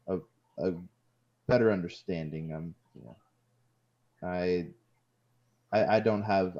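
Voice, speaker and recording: Man doing earnest young ninja, very deep dark voice, rambling, halting, dull lo-fi audio. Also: lightly acted. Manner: rambling, halting, with many restarts.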